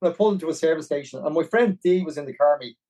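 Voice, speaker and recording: A man with a Dublin Irish accent, a podcast guest telling a long story in a rambling, animated way. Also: a little high, very fast, rough recording. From Ireland. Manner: animated, rambling, with many restarts. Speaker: podcast guest, marathon runner. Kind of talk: casual storytelling.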